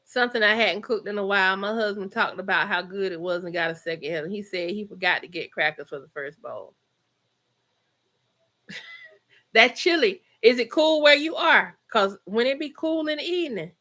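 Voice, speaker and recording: Speaking at a normal pace in a mid-range voice with lively intonation, this middle-aged Georgia woman sounds bright and forceful. She's hosting a relaxed livestream at home, going through live comments with her viewers. Expect plenty of laughter, chattiness, and Southern slang.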